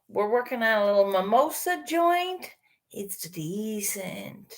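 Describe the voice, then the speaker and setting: Woman streamer, casual rambling chat, unhurried, salty language, frequent laughter. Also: medium pitch, sing-song. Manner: rambling, swears a lot, laughs often. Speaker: livestream host chatting with viewers.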